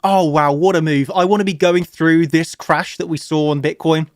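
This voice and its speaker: A man's voice: a little high, fairly even intonation, normal speed, no echo, studio quality. A man running a live trading stream, overjoyed and emotional, repeating words and laughing as he talks. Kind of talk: excited live stream chart talk.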